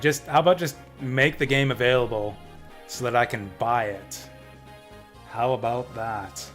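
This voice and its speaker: A man livestreaming a game from his home setup, talking off the cuff to his chat. His delivery is blunt and opinionated, and he swears freely. His voice sits at an ordinary middle pitch, with faint game music playing underneath. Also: fairly bright tone. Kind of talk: casual live-stream commentary.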